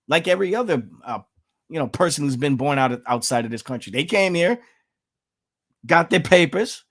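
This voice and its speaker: A man's voice: fairly high pitch, fairly bright tone. A man from the United States giving emphatic political commentary on his vlog, repeating himself and addressing viewers as folks.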